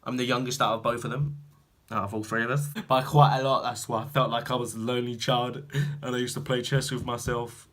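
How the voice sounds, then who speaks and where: Young British man, casual vlog chatter, rambling and filler-heavy, mid-range voice that flips between loud bursts and low mumbles. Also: little pitch movement, a little fast. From Britain. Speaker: vlogger. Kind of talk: casual chat to camera.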